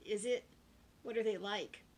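A woman's voice: a little slow, slightly rough. A woman voicing a kindly storybook bear. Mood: nervous. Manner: lively storybook voice, raised and a little higher. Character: friendly male bear, easygoing then nervous.

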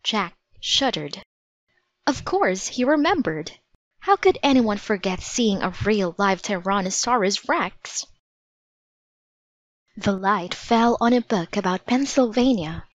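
A woman reading a children's storybook aloud in a gentle, measured way. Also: mid-range voice, lively intonation, no room sound. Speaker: narrator. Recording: dry, slightly dull audiobook recording.

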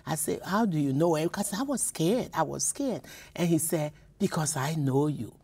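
A woman's voice: lowish voice, lively intonation, normal speed, creaky, darkish tone, breathy edge. A woman from Liberia, a poet and professor, telling personal stories in a radio interview, with many repeats and restarts. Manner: emotional, repeats words, restarts often.

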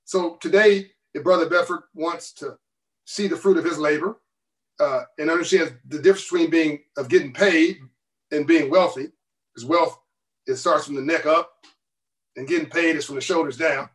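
A man's voice: on the high side, moderate pace, distant mic, rough recording. A man speaking as a guest author in an interview, making his points with emphatic bursts and laughing between them over a video call. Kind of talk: passionate interview talk.

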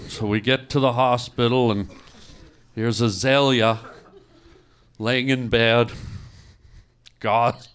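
A male comedian on a club stage, spinning an absurd story in a deadpan, mock-grieving tone. His voice sits at an ordinary middle pitch for a man. Every so often he turns and snaps at the crowd in mock anger. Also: slow pace, pauses often. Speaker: stand-up comedian. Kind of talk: improvised stand-up.

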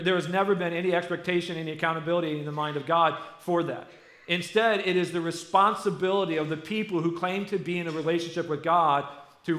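A middle-aged American man, lead pastor of his church, preaching a conversational, animated sermon. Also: fairly high pitch. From United States. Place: church sanctuary. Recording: echoey church hall.

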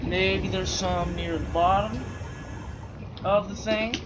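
A man's voice: sits high, steady tone, slow, noisy background. A man doing goofy, rambling let's play commentary, full of silly wordplay, over game sounds. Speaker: gameplay commentator.

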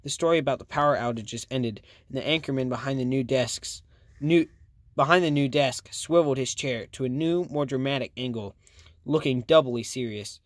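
A man's voice: medium pitch, moderate pace, no room sound, clean studio sound. A man narrating a first-person audiobook in a plain reading voice, with small slips and restarts.

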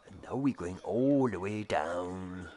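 A man's voice: deep voice, expressive, takes it slowly, crowd noise. A man voicing a blustering, grumbling German pro cyclist in a gaming stream role-play, with a put-on German accent and swearing. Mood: boastful. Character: blustering mock-German male pro cyclist, obsessed with time trials.

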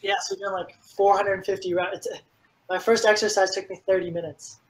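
A man's voice: sits high, brisk, rough recording. A man being interviewed as a fitness coach, speaking casually and with energy, and filling his talk with "like". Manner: energetic, animated storytelling with many "like"s.

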